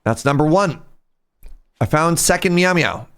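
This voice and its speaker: A man's voice: on the high side, animated, unhurried, a bit bright, smooth. A man live-streaming a game, chatting playfully with his viewers and making jokes. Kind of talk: casual live-stream chat.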